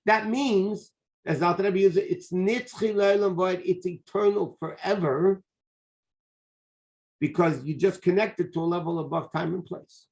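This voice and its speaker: A man, a rabbi, teaching a lively Torah class, repeating key phrases and sprinkling in Hebrew and Yiddish terms. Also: high-pitched, unhurried, vocal fry.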